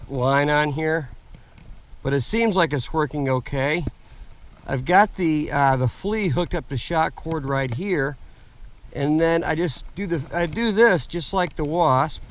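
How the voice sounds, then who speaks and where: A man with a slightly rough voice, slowly explaining a camping gear setup step by step, outdoors on a camera mic. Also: a little high. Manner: slow, plain step-by-step explaining with fillers. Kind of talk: casual how-to demonstration. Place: outdoors in woods.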